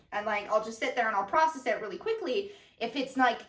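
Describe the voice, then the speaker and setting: A young woman with a fairly high voice talks in an animated, goofy way, acting out her own inner thoughts as she chats. She sits at a distance from the microphone in a room with an echoey, roomy sound. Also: a little fast, slight background noise. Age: young adult. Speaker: podcast co-host, daughter. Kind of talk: casual conversation.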